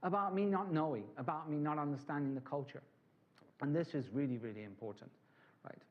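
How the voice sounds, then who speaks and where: A man's voice: on the high side, brisk, lo-fi sound. Conversational man giving a conference talk. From England. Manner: anecdotal, conversational with asides to the audience. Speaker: conference speaker.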